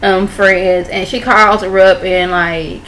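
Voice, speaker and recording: A woman talking casually as a vlogger, walking through an episode of a show in a chatty recap. Her voice sits at a middling pitch, and she slips into quick impressions of the characters as she retells scenes. A faint hiss of noise runs underneath. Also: fairly even intonation, fairly bright tone, rough recording.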